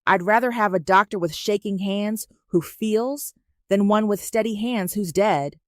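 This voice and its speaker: A woman voicing a calm, steady patient in her fifties who speaks softly and gently. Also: medium pitch, a little slow, no echo, studio quality, close to an everyday voice. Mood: gentle. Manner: soft and gentle.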